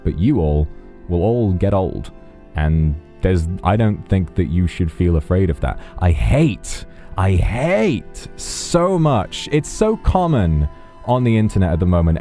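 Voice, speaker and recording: A man streams live in a low, dark voice, chatting casually. He rambles with a wry edge, breaking off mid-sentence again and again.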